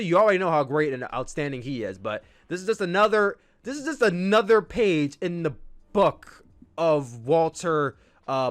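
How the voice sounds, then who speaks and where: A man's voice: mid-range voice, dry recording. A man hosting a podcast, giving an enthusiastic, rambling wrestling review with restarts. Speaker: podcast host.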